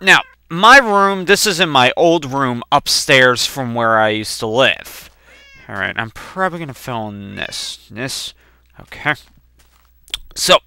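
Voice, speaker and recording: A young man rambling through profane, animated personal anecdotes while playing a video game. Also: on the high side, smooth, no echo. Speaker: let's play gamer. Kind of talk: casual storytelling while gaming.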